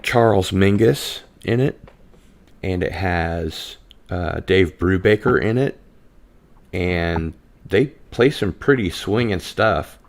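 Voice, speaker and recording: A man with a low voice speaks slowly as he hosts a laid-back podcast conversation. He hesitates a lot, filling gaps with "um," and reads viewer comments aloud in a relaxed way.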